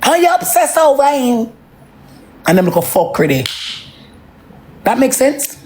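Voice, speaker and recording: A parent with a Jamaican accent in an emotional, profane ranting monologue that swings between slow brooding and heated outbursts. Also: high-pitched, very animated, darkish tone, slight background noise. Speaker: social media livestreamer.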